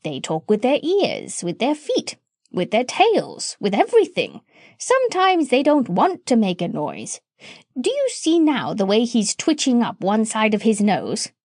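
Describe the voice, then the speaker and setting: Woman voicing a proud lecturing parrot with bird squawks, lively mellow tone. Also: on the high side, unhurried, no room sound, studio quality, heavily acted. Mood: explaining. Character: proud clever female pet parrot, bossy.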